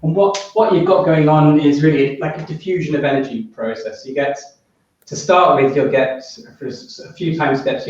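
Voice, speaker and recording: A man with a British accent giving a physics workshop lecture, thinking aloud with many restarts and quizzing the audience. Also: medium pitch. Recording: echoey, dull hall recording from far off.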